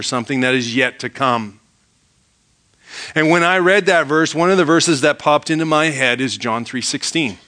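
Delivering a sermon, this pastor has a ringing, bright tone a bit higher than typical for a man. He reads scripture aloud, then unpacks it by asking his audience questions.

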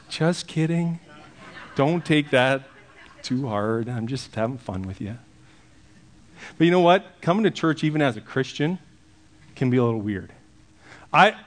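A middle-aged man preaching to his congregation in a relaxed, conversational way. He teases his listeners with light jokes before turning to read and explain a passage of scripture. His voice sits notably high for a man. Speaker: pastor. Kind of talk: sermon.

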